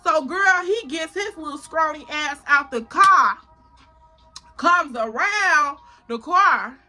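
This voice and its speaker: A woman vlogger telling a story in a casual, animated and profane way, acting out the drama. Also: high voice, slow pace, soft background music.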